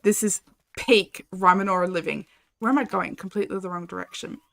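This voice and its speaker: A woman's voice: fairly low pitch, fairly even intonation, fairly quick, gravelly, a bit bright. A young Australian woman chatting casually and animatedly while streaming a game, reading chat and laughing often.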